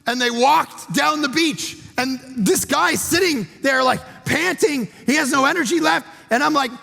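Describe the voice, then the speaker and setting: A man preaching a sermon as pastor, telling stories with animated delivery and acting out other people's lines. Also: very high-pitched, measured pace, vocal fry, faint music behind. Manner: storytelling, animated, acts out quotes. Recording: long hall reverb.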